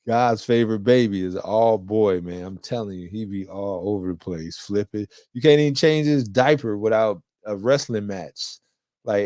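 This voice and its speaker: Young guy hosting a podcast, low voice, easygoing and rambly, dry close sound. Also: darkish tone, no echo. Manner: laid-back, rambling storytelling with casual slang. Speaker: podcast host. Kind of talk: casual solo podcast chat.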